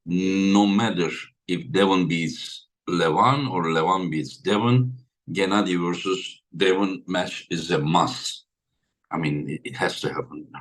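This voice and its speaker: Slow, deep-voiced man greeting viewers. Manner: greets viewers by name one after another. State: tired. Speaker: livestream host. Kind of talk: casual livestream chat.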